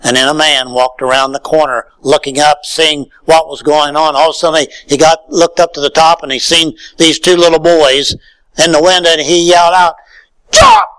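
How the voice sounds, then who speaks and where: A male pastor preaching a sermon in a folksy way, swinging from loud calls to near-whispered lines. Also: fairly high pitch, fairly even intonation, a little fast, clean tone, poor audio.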